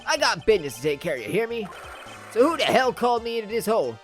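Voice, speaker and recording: A woman's voice: mid-range voice, sing-song, fast talker, faint music behind, pitched above the performer's own voice, lightly acted. A woman voicing a hot-tempered male loan-shark boss, using a bad Brooklyn accent and barking threats. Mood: menacing. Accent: Brooklyn, put on badly. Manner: gruff, shouting threats.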